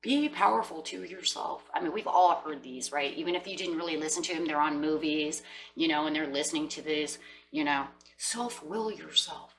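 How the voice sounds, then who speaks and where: A woman's voice: low voice, brisk, far from the mic, poor audio. A woman giving an earnest, encouraging tarot reading, talking straight to her viewers. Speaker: tarot reader. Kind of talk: casual motivational tarot reading.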